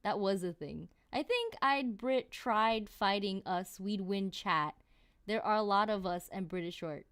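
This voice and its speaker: A woman streamer chatting casually with her viewers, telling stories in an animated, exclamatory way. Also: mid-range voice, unhurried, clear, resonant tone.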